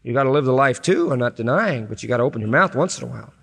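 A male preacher delivering a sermon, reading scripture slowly and building to loud, high-pitched emphasis before dropping back low. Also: lively intonation, vocal fry, breathy edge. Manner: emphatic, rising sharply in pitch and volume at climaxes, then dropping low and slow; reads scripture aloud with drawn-out, deliberate phrasing. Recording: long hall reverb.

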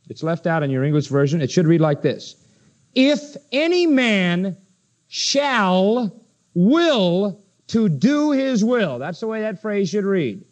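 Emphatic high-voiced male preacher. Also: a little mellow. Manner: emphatic, rhetorical questions, slows down for quoted scripture. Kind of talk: expository sermon. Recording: dull lo-fi sermon recording.

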